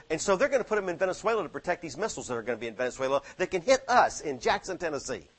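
A man preaching a sermon, swinging from low, quiet asides to fervent exhortation full of rhetorical questions. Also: very animated, racing, few pauses.

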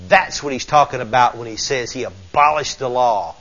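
A man preaching a sermon, fervent and folksy, moving from low murmurs to shouts. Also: fairly quick, lo-fi sound.

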